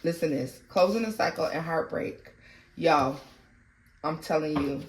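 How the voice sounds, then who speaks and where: A woman giving a casual tarot reading to her viewers, animated and slangy. She breaks into bits of song and laughs often. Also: low-pitched, normal speed, noisy background. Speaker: tarot reader.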